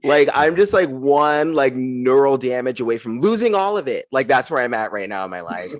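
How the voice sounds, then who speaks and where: A young American man does a stand-up set on a live stream through a video-call mic, his mid-range voice leaping all over as he drives toward each punchline at normal speed. The delivery is animated and punchy with frequent laughs, and the sound is close and dry with no echo or room around him.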